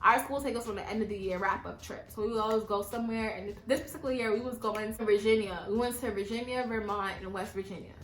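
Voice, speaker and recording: A woman in her twenties from New York telling a story-time vlog, animated and slangy, acting out the dialogue. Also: medium pitch, quick pace, hardly any pauses, reverberant. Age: 20s. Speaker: vlogger.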